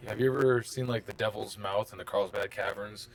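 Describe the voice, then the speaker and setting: A man's voice: fairly low pitch, fairly even intonation, a little fast, gravelly, soft background music. A man running a tabletop game, describing the scene in a rambling, casual way with lots of fillers. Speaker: game master.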